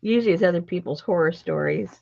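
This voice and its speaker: Brief: chatty woman host with a blocked nose and a gravelly edge, laughing between chatter. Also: fairly low pitch, quick pace, dark tone, highs cut off. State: stuffed-up nose. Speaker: craft live-stream host. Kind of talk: casual chat greeting viewers.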